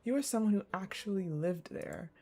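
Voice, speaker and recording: A woman streamer reading game dialogue aloud and reacting, animated and swearing freely as she rants to viewers. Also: mid-range voice, normal speed, breathy edge. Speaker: gaming streamer. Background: faint game music.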